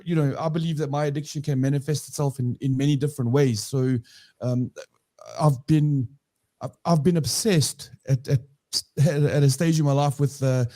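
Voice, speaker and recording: A man's voice: medium pitch, dark tone. A man co-hosting a recovery podcast, talking in a rambling, self-correcting conversational way. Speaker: podcast co-host. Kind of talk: casual recovery discussion.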